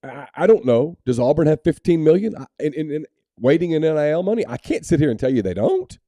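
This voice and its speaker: A man's voice: a little high, very animated, fast talker, warm tone, no echo, clean studio sound. A man co-hosting a sports podcast, talking candidly and opinionatedly in casual chat, with frequent restarts. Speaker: podcast co-host.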